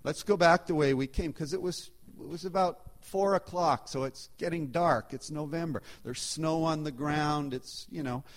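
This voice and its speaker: A man telling a personal anecdote to a live audience in a chatty, animated way, his loudness shifting as he goes. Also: fairly high pitch, moderate pace, hardly any pauses. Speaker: storyteller.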